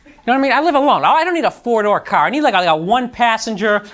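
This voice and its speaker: A man's voice: very high voice, lively intonation, rapid-fire, fairly bright tone. Exasperated male comic on a swooping rant. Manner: frustrated, exasperated ranting. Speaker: stand-up comedian. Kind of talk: stand-up routine. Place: comedy stage before a live audience. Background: audience laughter.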